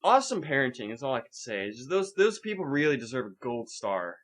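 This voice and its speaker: A man's voice: mid-range voice, very animated, fast, a bit bright. A young man co-hosting a podcast in casual chat, ranting and swearing with sarcasm. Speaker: podcast co-host.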